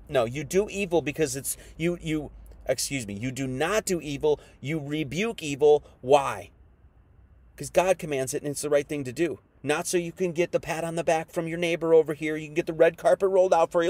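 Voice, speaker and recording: Preaching a sermon, a man reads scripture aloud and then explains it in casual slang, swinging between hushed reading and loud emphasis. His pitch is fairly high and his pace fairly quick, with no room sound in the recording.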